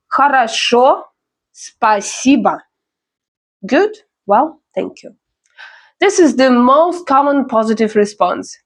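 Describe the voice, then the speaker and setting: A high-pitched woman language teacher gives a beginner lesson, speaking slowly and carefully. She explains in English and models phrases slowly so learners can repeat them in pronunciation drills.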